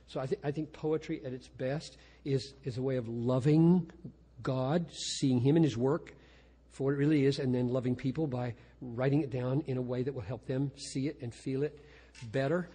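A man's voice: medium pitch, dark tone, breathy edge. Older man lecturing in a reverberant hall. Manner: candid, self-deprecating, frequent restarts and stammered repeats. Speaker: pastor and poet speaking at a lecture. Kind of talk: lecture talk with poetry reading. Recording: long reverb of a large hall.

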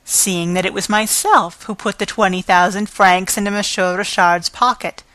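A furious old woman with few teeth left, as a woman narrator puts her on, yelping her indignation in an audiobook. Her outbursts come shrill and offended, lifting above the narrator's middle pitch. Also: steady tone, normal speed, a bit bright, dry recording, natural voice. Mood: indignant.

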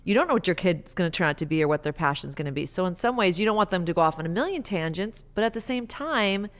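Chatty woman co-host, fairly low pitch. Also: expressive, fast. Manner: chatty, tells family anecdotes. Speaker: podcast co-host. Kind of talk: casual interview chat.

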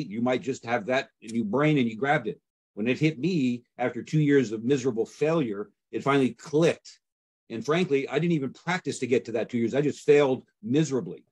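A man's voice: mid-range voice, darkish tone, slightly rough. A man teaching how to handle real estate sales calls in a casual, conversational way, often acting out both sides of a call. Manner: conversational, acts out sales calls with repeated fillers. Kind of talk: instructional talk.

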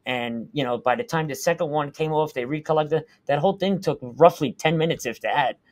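A man's voice: on the high side, a little fast. A man, a guest on a talk show, earnestly recounting a personal experience in casual, vivid detail. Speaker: guest recounting a UFO sighting. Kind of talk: casual first-person storytelling.

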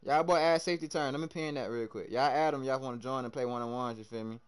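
Streaming a basketball game live, a young man gives running commentary to his viewers, loudly reacting to plays and throwing animated trash talk at opponents. He talks quickly in a clean, mid-range voice.

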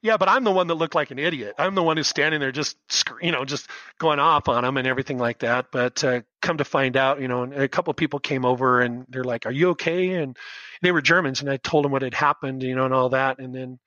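Talking fast in a sharp, medium-pitched voice, a man in his fifties from the United States, a teacher, relates his story as a podcast guest in a casual storytelling interview. He's earnest and emotional, with many restarts. There's no room sound, and the highs are cut off.

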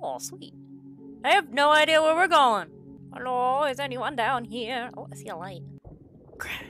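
A woman doing let's play commentary on a game, excitable, swearing, shrieking and laughing as she plays. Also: high voice, moderate pace, soft background music. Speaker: gaming video creator.

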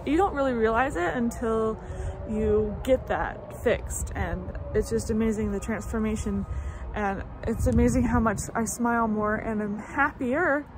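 A woman's voice: a little high, slight background noise. A woman in her thirties chatting casually in a vlog update, rambling with lots of fillers and restarts. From United States. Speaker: vlogger. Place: home in summer, traffic passing outside.

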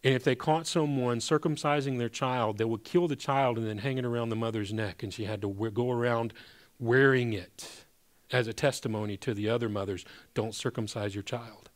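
A man preaching a sermon in a loose, conversational way, speaking at an ordinary middle pitch. He talks to the congregation like friends, pushing some words hard and letting others fall almost to a whisper. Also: fairly quick. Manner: conversational preaching with sudden emphatic rises and hushed drops; addresses congregation as brothers and sisters. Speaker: pastor.

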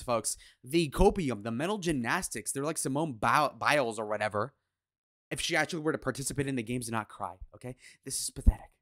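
A man's voice: medium pitch, a bit bright, no room sound. Male reaction host: heated rants, sarcastic, crude, dry close mic. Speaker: reaction commentator. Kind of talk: reacting to podcast clips.

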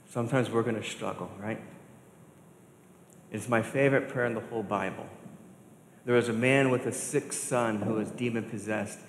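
A male pastor preaching a sermon, emphatic and building through repetition, speaking straight to his congregation. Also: medium pitch. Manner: addresses the congregation directly. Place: church worship hall. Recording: reverberant hall with faint noise.

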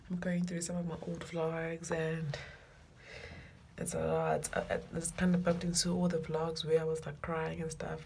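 A young woman with a South African accent vlogs on her phone, chatty and confiding. She talks at an unhurried pace. Steady background noise runs under the phone recording. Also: fairly low pitch. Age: young adult. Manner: chatty, confiding, swings between giddy and tearful. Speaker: vlogger, student. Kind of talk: candid phone vlog.

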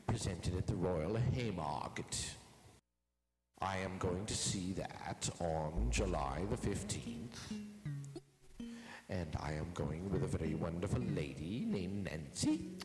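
A man's voice: sits low, a little mellow. A man hosting a show, talking casually and rambling with hesitant restarts. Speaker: show host. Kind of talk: casual monologue to listeners. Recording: roomy with long reverb, faint synth music behind.

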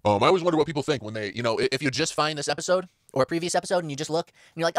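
A man's voice: a little high, racing, hardly any pauses, dry recording, clean studio sound. A man hosting a casual solo podcast from inside a parked car, rambling along with plenty of fillers and restarts. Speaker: podcast host.

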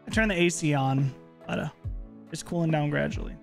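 A man's voice: fairly high pitch, steady tone, a little fast, vocal fry, faint music behind. A man streaming a game from his home office, chatting casually and rambling with playful asides. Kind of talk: casual gaming stream chat.

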